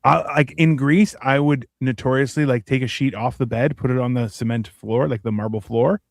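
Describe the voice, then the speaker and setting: A man's voice: mid-range voice, fairly even intonation, moderate pace, gravelly, a little mellow, dry recording. A man co-hosting a podcast in crude casual banter, rambling with fillers and acting out quotes, recorded close in a studio. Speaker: co-host.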